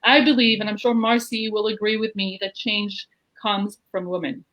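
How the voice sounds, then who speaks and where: A woman's voice: mid-range voice, little pitch movement, moderate pace, fairly bright tone, lo-fi sound. A woman hosting a live video-call interview, gushing and effusive in manner. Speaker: host of an online interview show. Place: at home in Jerusalem.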